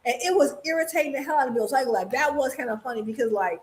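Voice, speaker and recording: A woman's voice: sits high, racing, a little hiss or hum. A woman hosting a casual boxing chat show, laughing often and talking loosely.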